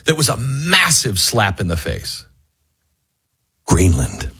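A man hosting a talk radio show, delivering an emphatic opinion monologue that swings between loud and hushed. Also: lowish voice, huge pitch swings, slow, slightly rough, dry recording. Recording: dry studio mic.

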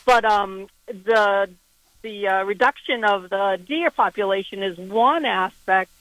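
A woman calling in to a radio show. She talks hesitantly with many pauses but keeps a playful tone. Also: mid-range voice, a bit bright, no echo, rough recording. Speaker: caller. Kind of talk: call-in radio chat.

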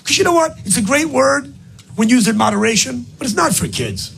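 A man doing a brash stand-up comedy set, building to shouted punchlines in front of a live audience. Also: extremely high pitch, animated, fairly quick, vocal fry, husky.

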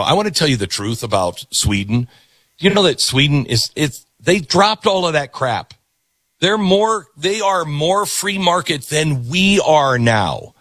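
A man hosting a talk show monologue. His pitch leaps and dips lively, and his voice is a little husky. He sounds dry and close, and he turns sarcastic while playing out imagined exchanges. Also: dry recording. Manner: animated, sarcastic, acts out quoted voices. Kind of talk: opinion radio monologue.

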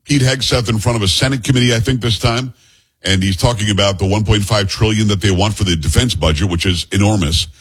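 Male talk radio host with a husky, lowish voice. Chatty and opinionated, he runs through the day's news in a loose monologue with quick asides to the studio.

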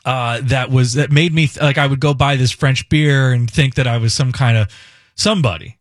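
A man's voice: mid-range voice, fairly even intonation, moderate pace, no room sound, clean studio sound. Rambling self-mocking male talk host. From Indiana. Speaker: radio host. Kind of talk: casual talk-show chat.

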